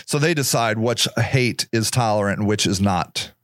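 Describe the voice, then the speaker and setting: A man's voice: lowish voice, moderate pace, a bit bright, no room sound, studio quality. A man hosting a podcast, delivering a profane, sarcastic monologue rant with mocking put-on voices. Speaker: podcast host. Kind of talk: opinionated monologue.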